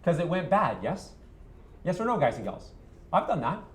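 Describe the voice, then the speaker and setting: Echoey real estate coach, punchy delivery. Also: male voice, on the high side, sing-song, moderate pace. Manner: punchy, keeps asking "yes or no?" to the room. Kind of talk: coaching session to a room of agents.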